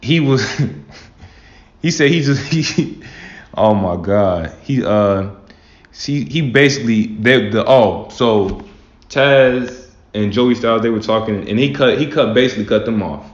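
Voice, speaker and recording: Low-voiced man rambling in a roomy room. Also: unhurried. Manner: loose, rambling, fond of "man" and "like". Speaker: wrestling fan host. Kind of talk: casual commentary. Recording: roomy, dull lo-fi sound.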